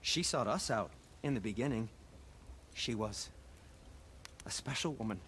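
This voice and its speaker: An actor voicing a gentle, fussy male dwarf smith in a video game, soft-spoken and wistful. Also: mid-range voice, animated, a little slow, slight background noise.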